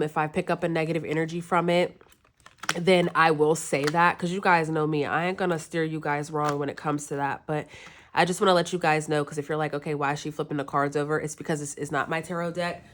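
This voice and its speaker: A woman from the northern US East Coast giving a chatty, loose tarot reading to her viewers, full of fillers and asides. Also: deep voice. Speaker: tarot reader.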